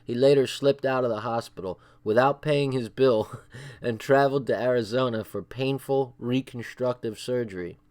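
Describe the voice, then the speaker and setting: A man's voice: medium pitch, normal speed, darkish tone. A man reading a crime book aloud on a livestream, stopping for side remarks, swearing and chuckling, and breaking off to check his chat. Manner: reads with asides, swearing and chuckles.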